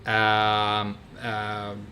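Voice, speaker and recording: A man's voice: lowish voice, monotone, very slow, bright, forceful tone, slight background noise. A man in his thirties from Sweden, chatting casually in a rambling way while commenting on his own gameplay. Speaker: game streamer.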